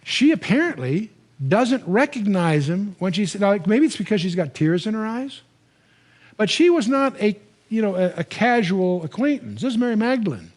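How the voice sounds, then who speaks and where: An older man teaches the Bible to a live audience, recounting its stories in an animated, conversational style and often starting his sentences over. His voice sits high, and he speaks at a moderate pace.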